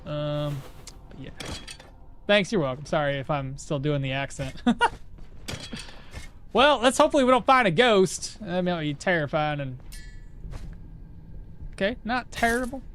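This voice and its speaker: A man's voice: fairly high pitch, animated, measured pace, pauses often, fairly bright tone, a little hiss or hum. Casual man streaming a game, laughing. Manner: casual, chatty, laughs often, talks to chat. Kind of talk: live gameplay commentary to chat.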